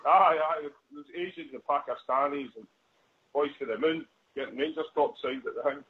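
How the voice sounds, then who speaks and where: A man's voice: fairly high pitch, normal speed, husky. A man calling in to a radio show, rambling and hesitant with many ums. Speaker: caller. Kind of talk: casual phone-in chat. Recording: tinny phone line with faint noise.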